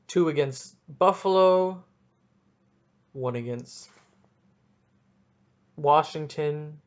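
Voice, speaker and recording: A young man hosting a solo sports podcast, ranting excitably and cutting himself off mid-sentence. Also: fairly high pitch, highs cut off. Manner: excitable, ranting, self-interrupting. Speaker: podcast host.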